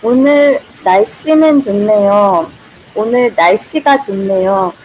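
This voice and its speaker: A woman's voice: medium pitch, expressive, racing, darkish tone, low-quality recording. Giggly Korean-accented woman teaching. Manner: giggly, repeats and restarts phrases. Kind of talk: casual livestream lesson. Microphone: built-in device mic, no external microphone. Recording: faint background noise, no proper mic.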